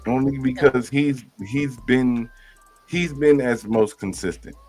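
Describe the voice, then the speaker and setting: A man guesting on a casual live-stream chat, speaking haltingly with restarts and fillers. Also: medium pitch, darkish tone, faint music behind. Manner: halting, starts over, many fillers.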